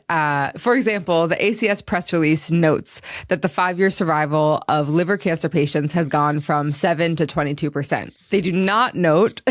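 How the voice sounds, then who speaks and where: A woman's voice: deep voice, no room sound, studio quality. A young woman with a New Jersey accent, co-hosting a casual conversation, chatty with many fillers. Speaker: associate editor, co-host.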